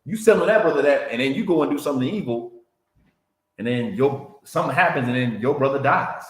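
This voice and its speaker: A man's voice: mid-range voice, lively intonation, brisk. A man teaching a Bible class in a preaching style, repeating himself and checking in with "you understand?" and "man.". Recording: roomy echo.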